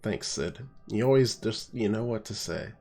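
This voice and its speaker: A man's voice: on the low side, animated, normal speed, darkish tone. A man reading a stranded young heroine. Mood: earnest. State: stuffy nose.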